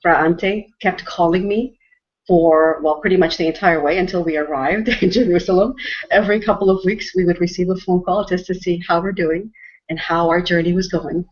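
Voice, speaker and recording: A woman's voice: on the low side, steady tone, moderate pace. A woman from Canada, host and storyteller, telling a personal story in an earnest, emotional way with frequent restarts. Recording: dull lo-fi audio.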